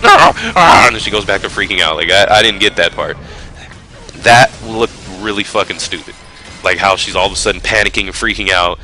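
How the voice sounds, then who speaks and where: A man ranting casually about a game trailer in a vlog, animated and profane, rambling with lots of fillers. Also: low voice, brisk, faint music behind. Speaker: vlogger reviewing a game trailer. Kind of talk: casual rant.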